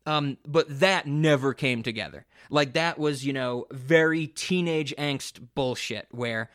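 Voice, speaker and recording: A man's voice: mid-range voice, a little slow. Rambling, cursing podcast co-host man. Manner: rambling, profane, animated retelling with many restarts. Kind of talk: casual podcast chat.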